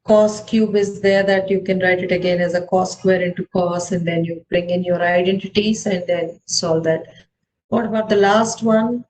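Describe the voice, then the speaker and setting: Brisk woman teaching an online math class. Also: lowish voice, level tone, a little mellow, rough recording. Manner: brisk, directive, checks on students.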